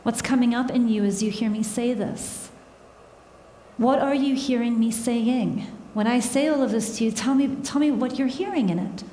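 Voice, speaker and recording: A woman's voice: on the high side, moderate pace, dark tone, a little hiss or hum. Woman speaking in an echoey hall. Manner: engaging, asks the audience questions, laughs at herself. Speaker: workshop speaker. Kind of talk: conversational talk to a live audience. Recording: echoey hall with long reverb.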